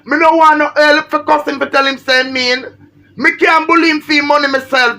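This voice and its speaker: A woman's voice: high-pitched, steady tone, moderate pace, sharp tone. A woman with a Jamaican accent, feeling unwell, ranting and pleading on a livestream. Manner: emphatic, pleading, repetitive. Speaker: social media personality.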